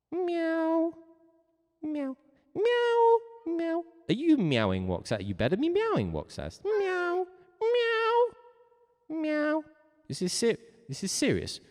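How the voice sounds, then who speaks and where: A man's voice: medium pitch, big-room sound. A man teaching a music lesson during a livestreamed game, theatrical, jokey and mock-stern.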